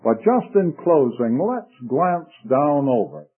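An older man preaching a sermon slowly and deliberately, sinking into a hushed low voice when he speaks scripture. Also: very animated, husky. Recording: tinny lo-fi radio broadcast.

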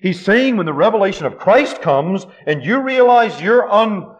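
Middle-aged male preacher, high voice, fervent and repetitive, muffled lo-fi sermon tape. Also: very animated, moderate pace. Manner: fervent, repetitive, often dropping to a near hush. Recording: dull lo-fi sermon recording.

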